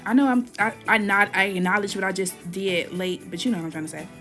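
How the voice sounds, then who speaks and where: A woman's voice: quick pace, over music. A woman host recording a casual, rambling voice-over for her gameplay video, talking straight to her viewers. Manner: rambling and chatty, addresses viewers as y'all; says she generally talks low. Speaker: gaming channel host. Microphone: recorded on an iPad.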